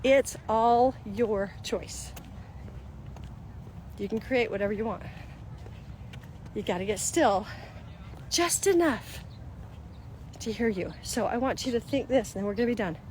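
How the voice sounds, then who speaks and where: A woman's voice: fairly high pitch, unhurried, pauses often, darkish tone, slight background noise. A woman in her fifties hosting a live-streamed motivational talk, coaching viewers directly in an earnest way. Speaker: host.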